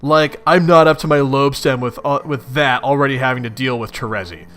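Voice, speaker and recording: A man voicing a loud, irritable young male troll who rants angrily and swears. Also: medium pitch, brisk, faint music behind, close to an everyday voice. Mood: ranting. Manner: angry, foul-mouthed ranting.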